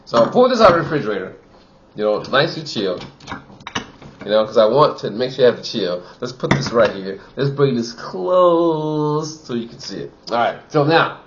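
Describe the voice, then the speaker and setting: A man's voice: medium pitch, sing-song, moderate pace, lo-fi sound, background noise. A man giving a casual wine tasting review, chatty and full of "you know" fillers, from Wisconsin.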